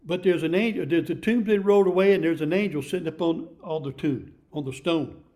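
A man's voice: fairly high pitch, brisk, mellow. Folksy preacher in his seventies. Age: 70s. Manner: folksy, repetitive, emphatic. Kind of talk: storytelling sermon.

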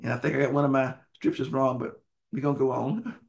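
A male preacher giving a sermon, emphatic, repeating key phrases and swinging between loud bursts and hushed lines, with folksy grammar. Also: medium pitch, level tone, quick pace, creaky.

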